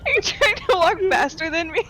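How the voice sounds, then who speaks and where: A woman's voice: extremely high pitch, sing-song, a little fast, background noise. A woman playing a tabletop game, teasing the others playfully. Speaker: player. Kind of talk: tabletop role-play chat.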